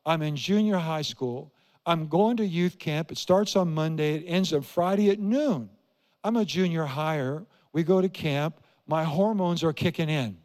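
An older man from Iowa preaches a sermon in a slightly high voice, driving his points home with repetition and questions to the congregation. His voice carries a long reverb through a large church hall. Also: normal speed, a little mellow. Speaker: pastor. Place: church sanctuary.

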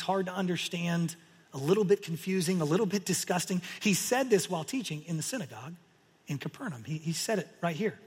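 High-voiced pastor in a reverberant hall. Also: male voice, breathy edge. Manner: animated storytelling, acting out crowd reactions. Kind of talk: sermon.

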